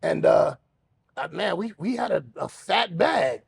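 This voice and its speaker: A man hosting a podcast, telling a story in an animated way and acting out other people's voices. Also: sits high, a little slow, gravelly, crowd noise. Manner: acts out other voices, shouting and laughing. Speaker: podcast host.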